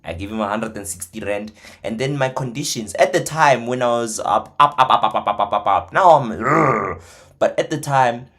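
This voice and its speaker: A man, a trading mentor, telling stories in casual talk, animated, swinging from hushed to loud. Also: medium pitch, normal speed. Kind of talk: casual storytelling.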